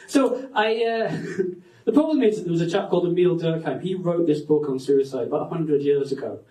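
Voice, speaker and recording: A man's voice: fairly high pitch, dark tone, far from the mic, a little hiss or hum. A Scottish man doing a stand-up set on a comedy club stage, rambling, self-mocking and sweary. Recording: roomy club sound from off-mic.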